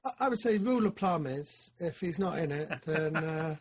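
A man co-hosting a podcast, chatting casually about films, excitable and rambling with lots of fillers. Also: on the high side, normal speed, husky. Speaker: podcast co-host. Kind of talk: casual film chat.

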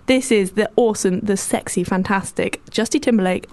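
A woman, co-hosting a casual radio chat show, bubbly and excitable. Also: medium pitch, heavy background noise. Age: early 20s. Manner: bubbly, excitable, quick to laugh. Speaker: radio co-host.

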